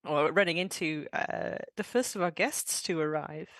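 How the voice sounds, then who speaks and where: A woman running a tabletop game as game master, upbeat and quick to laugh. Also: sits low, fairly bright tone, no echo.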